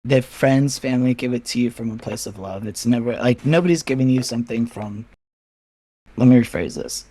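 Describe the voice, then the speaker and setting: A man's voice: mid-range voice, animated, brisk, warm tone. A man talking candidly as a podcast guest, frank and casual with swearing, acting out his friends' replies as he tells stories. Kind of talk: candid personal conversation.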